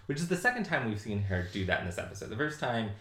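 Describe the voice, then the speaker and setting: A man's voice: medium pitch, big pitch swings, fast talker, a bit bright. A man co-hosting a podcast, chatting casually and animatedly about a TV episode and laughing often. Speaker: podcast co-host. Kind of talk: casual chat recapping a TV episode. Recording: roomy echo.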